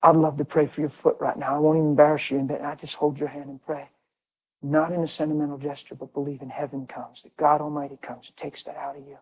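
A middle-aged preacher from Pennsylvania with a somewhat high voice, telling stories in a loose, conversational sermon. He leans hard on his points and keeps asking the crowd questions, then answering them himself. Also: little pitch movement, fast talker, a little mellow, husky, low-quality recording. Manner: emphatic, asks rhetorical questions and answers them.

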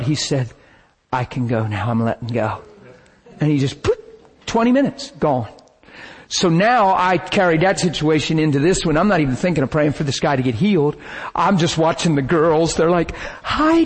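Husky-voiced man preaching a story. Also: a little high, normal speed. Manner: animated, dramatic retelling with bursts of shouting and laughter. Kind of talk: sermon storytelling.

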